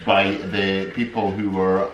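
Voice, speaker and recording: A man interjects wryly in a relaxed Q&A, starting and stopping his sentences. His low voice moves a lot in pitch. He sounds far from the mic, with room echo and a faint hum of ambience behind. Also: lo-fi sound. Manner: halting, wry interjections. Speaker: co-host, vlogger's partner. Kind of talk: casual Q&A chat.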